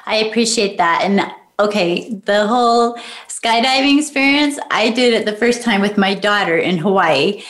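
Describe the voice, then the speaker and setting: A woman's voice: mid-range voice, expressive, normal speed, a bit bright, reverberant. A middle-aged woman hosting a motivational podcast, encouraging listeners with direct questions. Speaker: podcast host.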